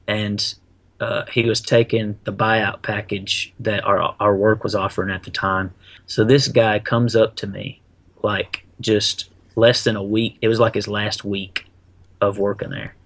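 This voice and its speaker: A man, middle-aged, telling a personal story in a casual, animated way, full of slang and acted-out quotes. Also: on the low side, a little slow. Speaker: guest.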